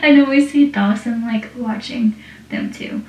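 A woman's voice: on the high side, unhurried. A young adult woman casually recapping a TV episode, chatty and giggly as she reads scene dialogue aloud. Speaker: podcast host recapping a TV episode. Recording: roomy sound, distant mic.

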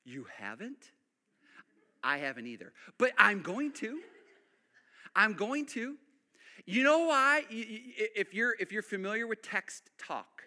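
A male pastor preaching a sermon, dropping to hushed lines and rising to loud emphatic build-ups, repeating phrases for emphasis. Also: sits high, big pitch swings, measured pace, pauses often.

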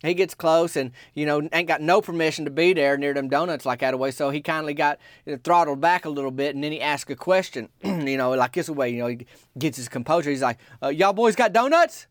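A man telling a comic story in a rambling, deadpan, folksy way. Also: a little high, a little fast, no room sound, clean studio sound.

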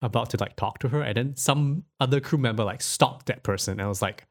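A man hosting a film podcast in a loose, chatty way, full of fillers and quick laughs. His voice sits at an ordinary middle pitch, and he leans into the talk with animated energy. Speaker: podcast host. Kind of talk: casual film discussion.

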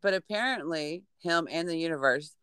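A woman in casual conversation, gushing and encouraging as she talks. Her voice is smooth and clear, recorded dry and close to the mic with no room sound. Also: sits low, normal speed, fairly bright tone, no echo. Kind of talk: casual chat.

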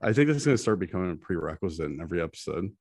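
A man's voice: sits low, very animated, rapid-fire, darkish tone. A man co-hosting a podcast in casual chat, joking and laughing often and swearing freely. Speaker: podcast co-host.

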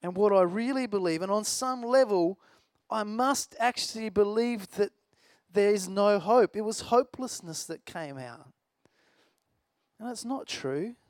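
A man's voice: sits high, measured pace, no room sound. A man preaching a sermon in a conversational, storytelling way, with a self-deprecating personal anecdote.

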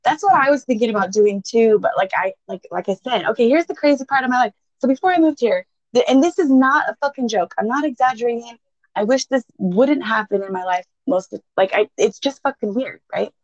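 A woman's voice: on the high side, animated, fairly quick, no room sound. Profane, laughing woman telling a wild story. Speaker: podcast co-host. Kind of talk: casual storytelling chat. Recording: dull, dry lo-fi sound.

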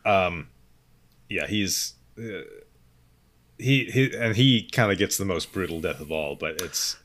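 A man's voice: sits low, measured pace, fairly bright tone. A man co-hosting a casual podcast, talking in a hesitant, hedging way with many restarts. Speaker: podcast co-host. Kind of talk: casual movie review chat.

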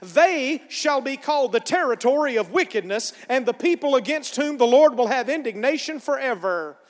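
High-voiced preaching man in echoing hall. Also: expressive, normal speed. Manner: call-and-response preaching, rising to shouts. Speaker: pastor. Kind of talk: sermon. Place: church sanctuary.

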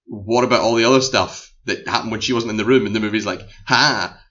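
Quick-paced and fairly low, this Scottish-accented man's voice comes through with the highs cut off. Co-hosting a film podcast, he casually reviews a movie he saw, acting out its scenes with animation and giving the movie its own talking reactions.

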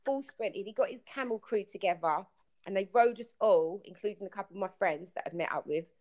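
Brief: woman, storytelling guest on a call-in podcast, animated, plays out dialogue. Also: medium pitch, brisk, dull audio. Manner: animated storyteller, acts out quotes. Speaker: guest telling travel stories. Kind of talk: casual podcast chat.

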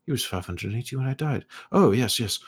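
A man voicing the ghost of a scholarly, robed male high elf who rambles in a fussy, absent-minded way. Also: animated, fast talker, breathy edge. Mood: chatty.

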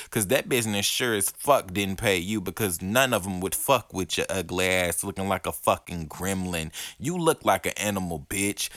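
A man's voice: fairly low pitch, a bit bright, dry recording, studio quality. A young man, ranting profanely and hurling mocking insults in a casual podcast monologue. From Alabama. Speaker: podcast host.

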